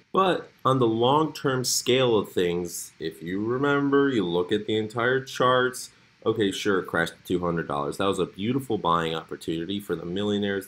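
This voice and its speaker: A man hosting a cryptocurrency channel, talking casually through price charts with animated, swinging emphasis. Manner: animated, lively pitch swings. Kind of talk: casual commentary over charts.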